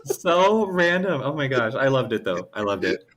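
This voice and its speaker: A man's voice: mid-range voice, moderate pace. A man in casual podcast chat, reacting to a story and picking up the recap himself. His intonation rises and falls widely. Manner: expressive, reacts with short remarks and laughs. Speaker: podcast co-host.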